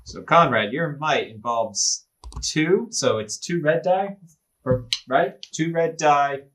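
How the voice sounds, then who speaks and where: A man's voice: fairly high pitch, expressive, takes it slowly, fairly bright tone, low-quality recording. A man playing in a tabletop game, describing his actions and explaining the game. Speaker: player.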